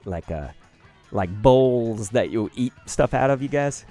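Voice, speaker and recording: A man in his thirties live-streaming as he opens trading cards, gushing and excitable, often laughing and sighing. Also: medium pitch, measured pace, faint music behind.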